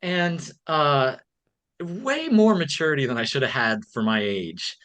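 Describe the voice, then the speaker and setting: A man with a slightly high, fairly bright voice speaks at a measured pace yet sounds very animated. He's a podcast guest in a casual interview, earnest and reflective, and he leans often on "um" and "like."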